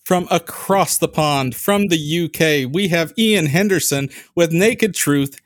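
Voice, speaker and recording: A middle-aged man hosts a podcast in a casual, chatty way, rambling and joking as he sets up his questions. His voice sits a bit high for a man. The sound is close and dry, with no room around it. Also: slow, no room sound. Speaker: podcast host.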